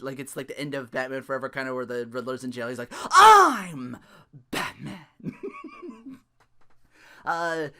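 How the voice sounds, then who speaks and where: A man hosting a solo recap podcast, talking in an animated, ranting way, laughing often and swearing freely. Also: mid-range voice. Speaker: podcast host.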